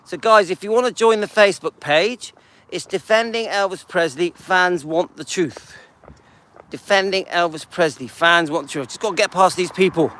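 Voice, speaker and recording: A man's voice: sits high, normal speed, bright, forceful tone, a little hiss or hum. An older man hosting a casual live stream while walking outdoors through a seaside town, chatting and greeting viewers by name.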